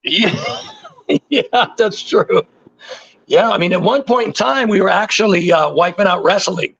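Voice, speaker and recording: A man in his sixties, a guest telling stories in a casual interview, animated and repeating words for emphasis. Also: high voice, unhurried, vocal fry, slightly rough, dull audio. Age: 60s.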